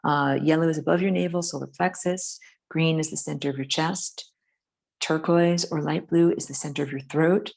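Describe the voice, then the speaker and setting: A woman with a low, slightly gravelly voice leads a relaxed drawing lesson from her home studio. She talks through the sketch loosely, with fillers and asides, recorded on a phone. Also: moderate pace. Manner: casual, rambling instruction with many fillers. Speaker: art and spirituality teacher. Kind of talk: live-streamed drawing lesson. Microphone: phone camera.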